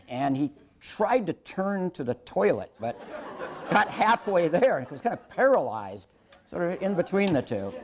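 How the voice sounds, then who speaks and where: A man in his sixties giving a public lecture told through stories, wry and self-deprecating, often halting and restarting his sentences. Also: medium pitch, a little mellow. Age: 60s. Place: lecture hall with an audience.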